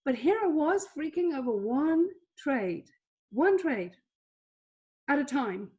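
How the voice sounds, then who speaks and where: A middle-aged woman coaching on a webinar, telling a personal story in an animated, confessional way with bursts of emphasis. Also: high-pitched, slow pace, muffled recording. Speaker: trading coach. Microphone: webinar microphone.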